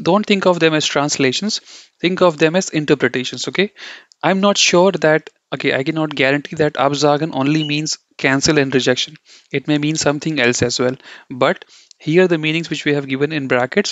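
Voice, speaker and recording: This man's voice is a little high, and he's running a casual German lesson from slides. He wanders, says things twice, and tosses in "okay?" and "you know" to check on listeners. The sound is dry, dull, and lo-fi.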